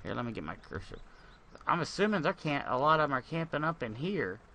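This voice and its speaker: A man's voice: a little high, big pitch swings, a little fast, pushed and bright, slight background noise. A man hosting a gaming channel, giving loose, rambling gameplay commentary with the odd curse. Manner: rambling, profane, thinks aloud.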